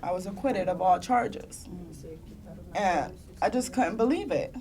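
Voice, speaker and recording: Earnest and often near tears, a young panelist at a conference in a meeting room recounts her own story, with occasional bursts of rueful laughter. She speaks a little slowly in an animated, dark-toned, medium-pitched voice.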